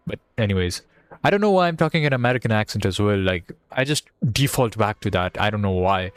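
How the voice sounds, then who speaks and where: A man's voice: on the low side, expressive, a little fast, smooth, dry recording. A man streaming a game, chatting casually and playfully while thinking aloud and reading bits to himself. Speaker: gaming streamer. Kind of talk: casual gameplay commentary.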